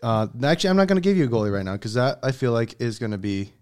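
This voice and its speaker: A man's voice: mid-range voice, very animated, very fast, a little mellow, smooth. A man hosting a laid-back sports podcast, with a voice sitting right in the middle of the male range. He argues his picks, rattling off stats and checking in with "okay?" as he goes. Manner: argumentative, reads out stats with frequent "okay?" check-ins. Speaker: podcast host. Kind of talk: casual sports debate chat.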